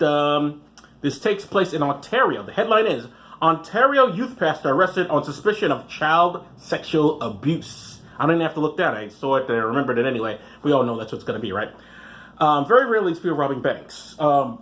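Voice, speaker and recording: A man hosting a podcast, reading news articles aloud and breaking in with sarcastic, profane asides. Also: a little high. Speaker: podcast host. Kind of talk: casual commentary reading news.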